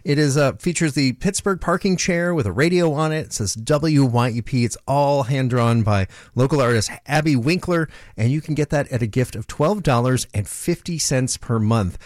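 A man's voice: medium pitch, normal speed, few pauses, no room sound, studio quality. A man co-hosting a live radio pledge drive, explaining a matching gift in a friendly way. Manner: friendly, explanatory, repeats phone number and web address. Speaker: radio co-host. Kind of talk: live radio fundraising appeal. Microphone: studio microphone.

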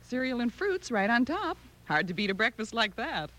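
A woman's voice: on the high side, very animated, moderate pace, bright, forceful tone. Lady as a chirpy ranch wife in an old radio ad, bouncy voice. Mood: cheery. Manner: cheery, selling. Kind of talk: 1950s radio ad acting.

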